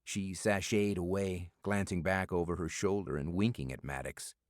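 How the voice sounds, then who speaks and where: A man narrating a thriller audiobook in a measured storytelling manner, from a studio booth. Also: deep voice, fairly even intonation, dry recording. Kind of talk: scripted narration.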